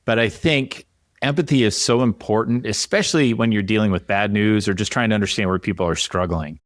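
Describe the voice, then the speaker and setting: A man with a fairly low voice hosts a leadership podcast, thinking aloud and winding his way into long questions. His voice sits dry and close to the mic. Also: brisk, no room sound. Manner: reflective and conversational, asks long questions. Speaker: podcast host and leadership coach. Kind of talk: casual interview conversation.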